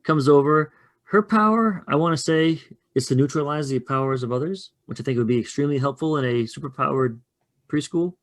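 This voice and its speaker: A man casually running a two-player tabletop game, chatty and quick to laugh. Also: a little high. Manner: chatty, laughs often, loose. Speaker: game facilitator. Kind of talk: casual actual-play chat.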